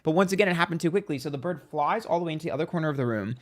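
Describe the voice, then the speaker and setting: A man's voice: on the high side, rapid-fire. A man guesting on a podcast, telling a long personal story in a chatty way, peppered with "like" and acted-out quotes. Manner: chatty, heavy use of "like", acts out quotes. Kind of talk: casual storytelling.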